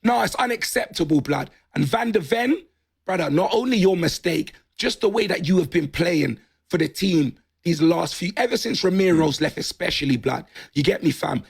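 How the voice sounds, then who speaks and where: Gravelly high-voiced football ranter. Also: male voice, expressive, normal speed. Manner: shouting rhyming punchlines with slang tags. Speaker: football fan ranting on video. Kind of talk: comic football rant.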